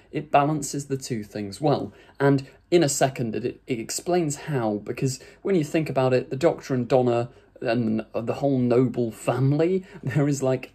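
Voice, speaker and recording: A man's voice: medium pitch, warm tone, breathy edge. A man reading a review aloud and breaking in with chatty commentary full of casual fillers. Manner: chatty, with frequent "like" and "kind of" fillers. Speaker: YouTube reviewer.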